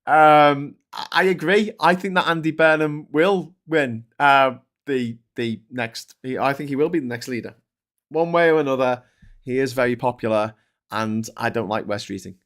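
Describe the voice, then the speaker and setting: A man's voice: medium pitch, moderate pace, a bit bright. A man from Liverpool with a Scouse accent, hosting a casual live-stream chat in a rambling, chatty way. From Liverpool, England. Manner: rambling, chatty, frequent fillers and laughs.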